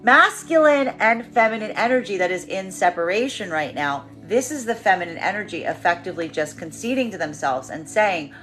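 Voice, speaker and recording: A woman giving a tarot reading in an expressive monologue, acting out the voices she quotes. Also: mid-range voice, fairly quick, hardly any pauses, soft background music. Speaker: tarot reader.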